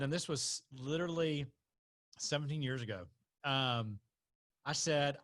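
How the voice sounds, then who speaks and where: A man from North Carolina, a podcast guest, telling his story in an animated way and laughing as he talks. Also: fairly high pitch, a little slow, long pauses. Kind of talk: conversational storytelling.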